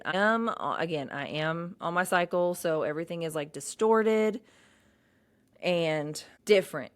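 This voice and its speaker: A woman's voice: low-pitched, a bit bright. Blunt, profane woman podcaster. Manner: blunt and profane, rambling with restarts. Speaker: podcast host. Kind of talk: casual solo podcast monologue.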